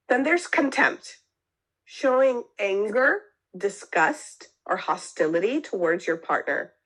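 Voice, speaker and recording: Woman therapist, mid pitch, teaching tone, frequent "okay?" check-ins, acts out example phrases. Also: fairly bright tone, poor audio. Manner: explains step by step, often checks in with "okay?"; acts out sample phrases with a lifted voice. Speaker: marriage and family therapist. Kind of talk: teaching a mental health talk.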